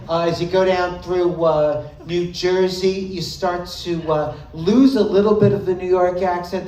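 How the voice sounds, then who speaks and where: Halting man doing stand-up in a club. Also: high voice, steady tone, darkish tone. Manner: hesitant, halting delivery full of ums and uhs; jumps into brief mock regional accents. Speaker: stand-up comedian. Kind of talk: live stand-up set. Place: live club stage. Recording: roomy club audio from far off. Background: audience laughter.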